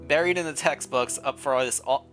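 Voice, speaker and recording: A man's voice: medium pitch, a little fast, a bit bright, soft background music. A man streamer reading a story game aloud with playful commentary, laughing often between the lines.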